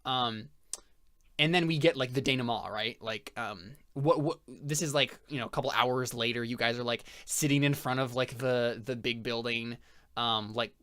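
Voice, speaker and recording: A man's voice: mid-range voice, normal speed, a bit bright. A man narrating as game master, rambling with many fillers.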